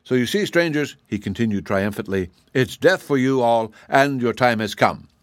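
A man voicing a small, angry male royal gardener with a shrill, self-righteous manner in an audiobook. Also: lively intonation, moderate pace, no room sound, close to an everyday voice. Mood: indignant. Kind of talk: audiobook character voice.

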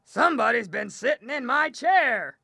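A big gruff storybook bear with a loud growling complaint, put on by a woman reading aloud. The voice is raised and forceful, with a dry close sound. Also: on the high side, sing-song, normal speed, no echo, voice pushed up, heavily acted. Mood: indignant.

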